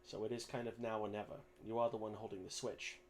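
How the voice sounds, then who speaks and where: Gustav, a measured scheming captive in a tabletop game, played by a man in his own voice. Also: fairly low pitch, flat delivery, a little hiss or hum, natural voice.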